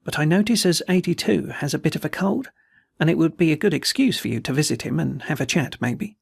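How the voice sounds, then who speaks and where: A man's voice: fairly high pitch, expressive, fairly quick, vocal fry, husky, no echo, studio quality, heavily acted. A man voicing a persistent, confiding middle-aged prison head warder with informal, chatty speech.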